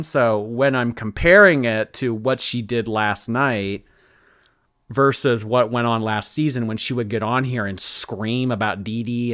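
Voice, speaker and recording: A man hosting a commentary channel, reacting to clips in an animated, incredulous way and laughing often. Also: mid-range voice, no room sound, clean studio sound.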